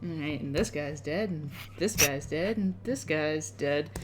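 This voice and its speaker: A woman's voice: deep voice, measured pace, noisy background. A woman narrating a tabletop game as dungeon master in a casual, rambling way. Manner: casual, filler-heavy narration.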